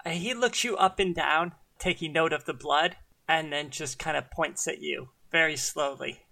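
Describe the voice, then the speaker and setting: A man running a tabletop game and narrating scenes in a relaxed, descriptive way. His voice is high and bright with a gravelly texture. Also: normal speed. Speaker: game master.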